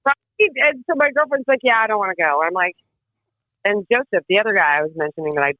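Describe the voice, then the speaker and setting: A woman guest telling wild stories in casual chat, lively and laughing, swearing freely. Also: medium pitch, quick pace, no room sound. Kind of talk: casual storytelling. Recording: tinny phone-like line, dry.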